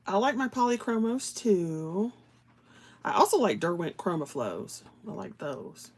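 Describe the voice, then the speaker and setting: A woman's voice: mid-range voice, very animated, measured pace, a little mellow. A woman hosting a live stream, chatting casually with viewers as she colors, laughing often and slipping into whispers while she works. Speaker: livestream host.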